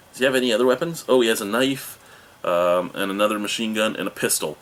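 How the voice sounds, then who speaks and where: Low-voiced rambling beer-review host. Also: male voice, animated, brisk, fairly bright tone. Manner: rambling, jokey and self-mocking. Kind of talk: casual video review. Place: home room with cartoon toys behind him.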